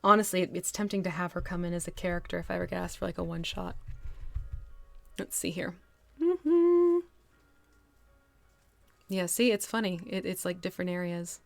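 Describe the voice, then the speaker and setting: A woman's voice: lowish voice, fairly even intonation, fast talker, vocal fry, soft background music. A woman from northwestern New Jersey with a local accent, chatting casually and laughing easily as she demonstrates miniature painting on a live stream. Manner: chatty, laughs easily, thinks aloud while working.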